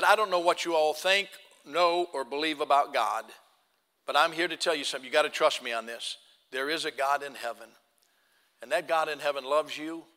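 Halting preacher man in a hall. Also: on the high side, smooth. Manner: halting, many fillers, drops quiet for sad parts. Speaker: pastor. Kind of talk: sermon storytelling. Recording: long hall reverb.

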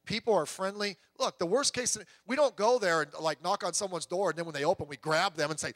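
Casting: middle-aged man preaching a casual, humorous sermon, high bright voice, dry close sound, acts out little voices. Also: a little fast, no echo. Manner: animated storyteller, acts out voices, rising to loud exclamations. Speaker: pastor.

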